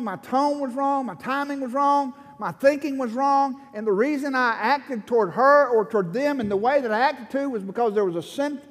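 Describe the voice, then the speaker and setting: Fervent high-voiced male preacher in a hall. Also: a bit bright. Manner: impassioned, rising to fervent pleading in prayer. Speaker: pastor. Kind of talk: sermon. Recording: long hall reverb.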